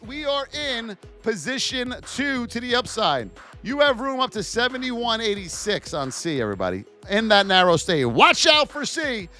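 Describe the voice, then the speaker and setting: A man hosting a live trading lesson, loud and joking, calling out viewers by name as he reads off price levels. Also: very high-pitched. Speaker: trading educator and livestream host. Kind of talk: energetic live market commentary.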